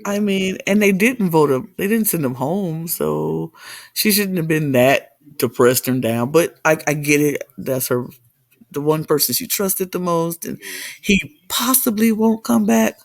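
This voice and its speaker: A woman co-host talks through a reality-show episode in a gravelly voice, emphatic and heated. Her pitch swings widely as she talks. The sound is dry and close, with little room around it. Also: animated, measured pace, dry recording. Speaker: podcast co-host. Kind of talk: casual reality-TV recap chat.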